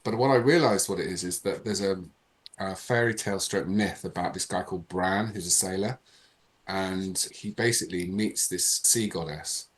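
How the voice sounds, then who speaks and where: A man, a podcast guest, telling a personal story in a lively, animated way. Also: sits low, normal speed. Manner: animated, reenacts dialogue in changing voices. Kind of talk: casual storytelling.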